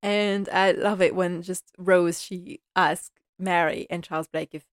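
A woman casually recapping an episode, chatty and animated, acting out quotes and laughing often. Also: fairly low pitch, a little slow, no room sound, clean studio sound. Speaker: show recap vlogger.

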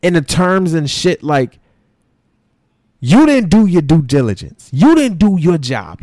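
A man hosting an opinion podcast, ranting in an animated, profane way full of slang and mocking asides. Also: on the high side, no echo, studio quality. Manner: mocks others in put-on voices. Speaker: podcast host.

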